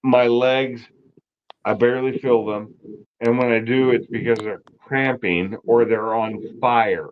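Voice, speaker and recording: A man in casual conversation, speaking bluntly and peppering his talk with curses. His pitch sits in the middle range. The audio is dull and lo-fi, with a faint hiss underneath. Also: steady tone, a little slow. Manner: blunt, frequent swearing. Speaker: guest on a car livestream. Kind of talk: casual chat.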